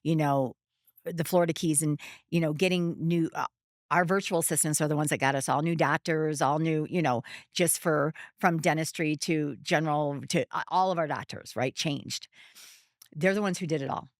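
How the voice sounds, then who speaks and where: A woman's voice: deep voice, steady tone, moderate pace, dry recording, studio quality. A middle-aged woman, a business founder talking casually as a guest, rambling with lots of fillers and restarts. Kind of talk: casual interview conversation.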